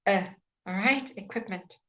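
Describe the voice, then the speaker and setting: A woman's voice: mid-range voice, a little slow, pushed and bright, lo-fi sound. A woman teaching English pronunciation in a live online lesson, patiently repeating each word many times.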